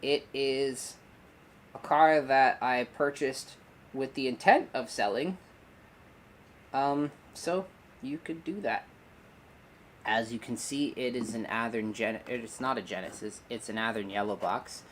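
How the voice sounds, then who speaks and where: A man's voice: mid-range voice, a little slow, pauses often, a little hiss or hum. A man hosting a casual livestream from his hobby room, rambling and joking while he fixes his camera and talks to his dog. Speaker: livestream host.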